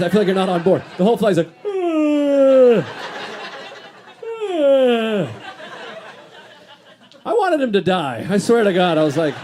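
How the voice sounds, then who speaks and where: A man's voice: sits high, darkish tone. A man doing a stand-up comedy set on stage, talking in a dry, grumpy, self-deprecating way. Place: comedy stage before a live audience.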